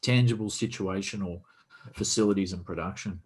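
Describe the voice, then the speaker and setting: A man's voice: low voice, steady tone, fairly quick, a little mellow, husky. A man from Australia, a podcast guest, explaining business operations in a casual video-call conversation and posing rhetorical questions.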